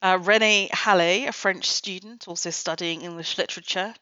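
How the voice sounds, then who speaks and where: Podcast host lady, lowish voice, wry and critical, kinda dull muffled audio. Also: steady tone, normal speed, bright, forceful tone, no room sound. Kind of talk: book review podcast.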